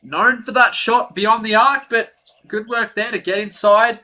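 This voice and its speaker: A man giving live fan play-by-play for his home team on a stream, partisan and quick to rant at the referees. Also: sits high. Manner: partisan, excitable, rants at referees.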